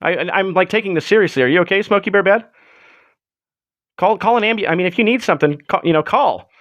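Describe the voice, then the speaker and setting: A man hosts a casual livestream, chatting to viewers in a rambling, filler-heavy way. His voice sits fairly high for a man, and the close desk mic sounds dry and dead. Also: fast talker, fairly bright tone, no echo, highs cut off. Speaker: livestream host.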